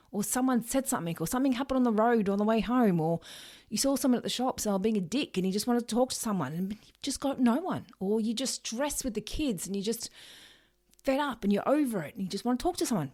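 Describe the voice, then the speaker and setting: A woman's voice: fairly high pitch, darkish tone. A woman with an Australian accent hosting a solo podcast, talking earnestly and directly, with the odd swear word. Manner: earnest, direct, casually swears, acts out everyday phrases. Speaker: podcast host.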